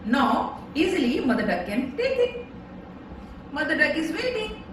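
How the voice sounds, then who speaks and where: A woman's voice: high voice, sing-song, a little slow. A woman patiently teaching her young daughter a home science activity, repeating steps and checking with a rising "okay?". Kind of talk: home science lesson for a toddler. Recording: echoey room, distant mic, background noise.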